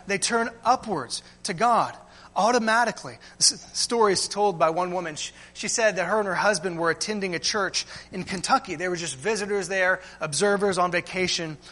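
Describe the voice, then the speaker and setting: A man's voice: high-pitched, normal speed, bright, forceful tone. A man preaching a sermon as pastor, asking the congregation rhetorical questions and often tagging "right?" and "friends".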